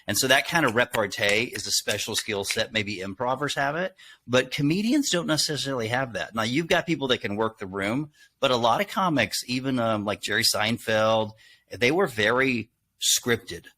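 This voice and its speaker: A middle-aged man from Texas, a guest on an interview show, telling stories in a lively way and acting out quotes. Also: mid-range voice, moderate pace, a little hiss or hum. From Texas, USA. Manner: animated storyteller, acts out quotes. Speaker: guest, handwriting expert. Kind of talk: casual interview talk.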